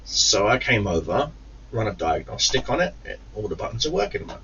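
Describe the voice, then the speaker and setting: A man's voice: fairly low pitch, fairly quick, slight background noise. A man casually telling a long, profane story to his channel, acting out the people in it. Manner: profane, animated anecdote-telling with acted-out quotes. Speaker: gaming YouTuber. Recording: slightly distant, dull lo-fi sound.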